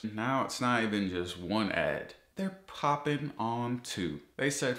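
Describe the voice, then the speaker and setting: Male vlogger, low register, foul-mouthed comic ranter, echoey room sound. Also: slow, hardly any pauses. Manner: profane, animated ranting, voice jumping high when exasperated. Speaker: YouTuber. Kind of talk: casual ranting vlog.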